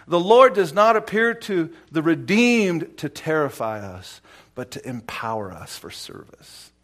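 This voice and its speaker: A middle-aged male pastor preaching a sermon in a folksy, personal way, swinging from hushed whispers to loud, emphatic exclamations. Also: a little high, lively intonation, moderate pace. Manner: folksy, personal storytelling with laughter.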